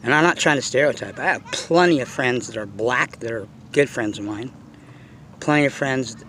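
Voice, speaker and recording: Speaking outdoors at a normal speed, this RC car hobbyist has a medium-pitched, sharp-toned voice against slight background noise. The middle-aged vlogger's casual monologue about his hobby is blunt, profane, and rambling, full of fillers.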